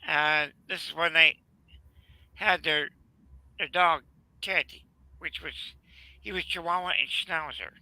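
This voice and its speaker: A man with a Southern US accent telling a rambling family story in casual chat, halting with fillers. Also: fairly high pitch, fairly even intonation, sharp tone, dry recording, low-quality recording. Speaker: channel host.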